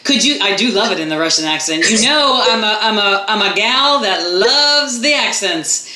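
Woman talk radio host, bright and effusive, roomy echoey sound. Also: medium pitch, normal speed. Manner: enthusiastic, animated, chatty. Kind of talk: casual talk radio chat.

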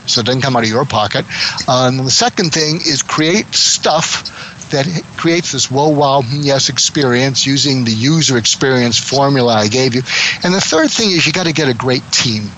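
A man's voice: mid-range voice, brisk, a bit bright, slight background noise, low-quality recording. A man doing an impression of a famous tech founder, talking bluntly and profanely about business in improvised role-play over a video call.

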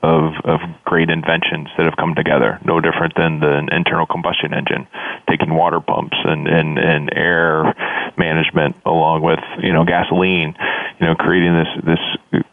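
Deep flat-voiced man on a phone line. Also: moderate pace, creaky, no room sound. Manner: hesitant, repeats words. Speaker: panel guest. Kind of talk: panel discussion.

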